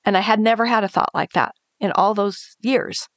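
As an interview guest, a woman earnestly and emotionally recounts a painful personal story, voicing her past thoughts and acting out what others said. Her medium-pitched voice stays steady at a moderate pace, captured in a dry, studio-quality recording.

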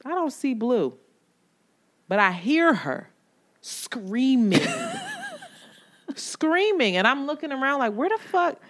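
A woman's voice: sits high, sing-song, unhurried. A woman co-hosting a casual chat podcast. She tells stories with lots of energy, swears freely and laughs often. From New York. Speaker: podcast co-host.

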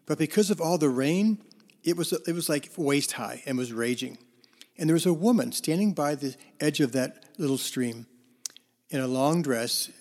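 A man's voice: on the high side, darkish tone. A male counselor telling parables in a conversational talk, with fillers and restarts. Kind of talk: storytelling talk on forgiveness.

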